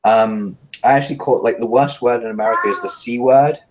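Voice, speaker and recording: A man talking fast and brashly as a guest in a casual interview, animated and self-mocking. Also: medium pitch, a little hiss or hum, low-quality recording.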